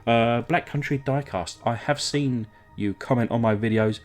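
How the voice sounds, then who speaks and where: A man's voice: medium pitch, normal speed. A man from England hosting a casual hobby vlog, chatty and rambling, with lots of ums and uhs. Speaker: diecast restoration channel host.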